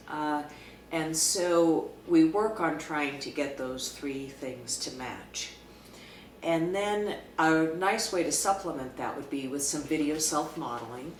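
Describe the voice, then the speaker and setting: Woman clinician, measured and calm, recorded off-mic in a roomy space with faint background hiss. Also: low voice. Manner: calm, measured, with frequent fillers. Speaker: clinical social worker teaching. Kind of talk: explanatory talk to camera. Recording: echoey room, mic at a distance.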